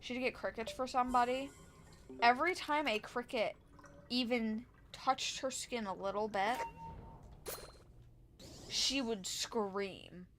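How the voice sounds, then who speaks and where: A woman's voice: fairly high pitch, a little slow, pauses often, fairly bright tone, a little hiss or hum. Rambling young woman streamer venting. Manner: rambling, many restarts and fillers, exasperated. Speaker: live streamer. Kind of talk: casual storytelling while gaming.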